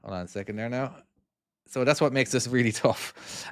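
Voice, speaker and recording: A man's voice: medium pitch, normal speed, dry recording, clean studio sound. Chatty man streaming his game. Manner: chatty, easily distracted, reads comments aloud. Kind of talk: casual live-stream chat while playing.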